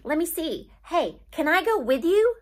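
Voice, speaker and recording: A woman's voice: extremely high pitch, big pitch swings, unhurried, pitched above the performer's own voice, exaggerated voice. A woman reading aloud, voicing an eager twelve-year-old frontier boy from a storybook. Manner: eager, pleading.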